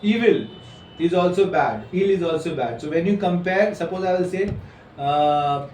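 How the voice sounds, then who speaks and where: A man's voice: high voice, expressive, normal speed, a little mellow. A male teacher gives a classroom lesson, explaining patiently and correcting his students. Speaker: English teacher. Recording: echoey room from far off, faint noise.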